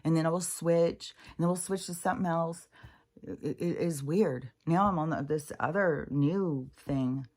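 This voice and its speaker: A woman's voice: low-pitched, normal speed, a little mellow. A middle-aged woman talking in a rambling, casual monologue, swearing freely, laughing often and trailing off mid-thought. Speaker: spiritual vlogger.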